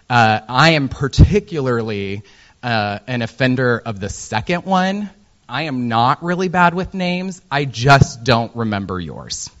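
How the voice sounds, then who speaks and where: A man's voice: medium pitch, fairly bright tone, lo-fi sound. An American man from Indiana giving a conference talk as a user researcher, joking and self-deprecating, with many ums and uhs. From Indiana, USA. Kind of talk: presentation talk.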